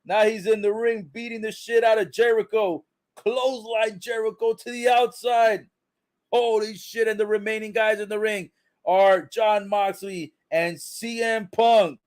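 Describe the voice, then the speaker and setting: Excitable high-voiced man calling wrestling live. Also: unhurried. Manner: excitable, swears often, exclaims repeatedly. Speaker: live reaction commentator. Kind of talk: excited play-by-play reaction.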